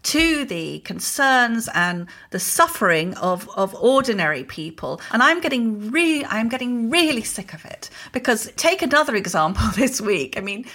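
A woman's voice: fairly high pitch, very animated, moderate pace, few pauses, bright, forceful tone. A woman, co-hosting a podcast and talking in an indignant, emphatic way. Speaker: podcast co-host. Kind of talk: opinionated casual chat.

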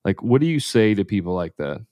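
A man co-hosting, explaining things in a relaxed way with easy fillers. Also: fairly low pitch, brisk, no room sound, clean studio sound. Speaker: co-host. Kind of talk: casual chat.

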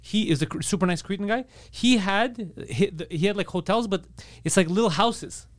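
A man's voice: high-pitched, moderate pace. A man co-hosting a podcast, telling stories in casual chat, swearing a lot and acting out the quotes. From Greek family heritage. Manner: profane storytelling, acts out quotes. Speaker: podcast co-host.

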